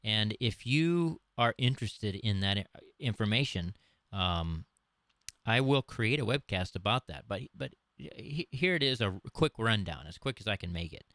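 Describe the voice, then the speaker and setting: A man giving an unscripted health webcast, talking emphatically and preachily, his voice jumping higher when he drives a point home. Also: animated, moderate pace, a bit bright, no room sound, clean studio sound. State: dry throat. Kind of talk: unscripted webcast talk to camera.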